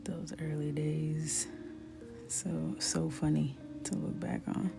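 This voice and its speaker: A woman in her thirties telling stories while she colors on a live stream, chatty and animated, often dropping to a near whisper. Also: sits low, slow, creaky, over music. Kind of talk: casual storytelling while coloring.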